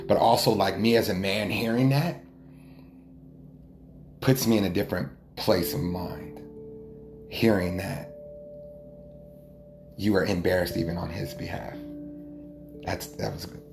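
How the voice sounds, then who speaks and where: A man's voice: sits low, steady tone, unhurried, long pauses. A man hosting a podcast, earnest and supportive, often repeating words. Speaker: podcast host. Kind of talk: podcast conversation. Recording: faint music behind.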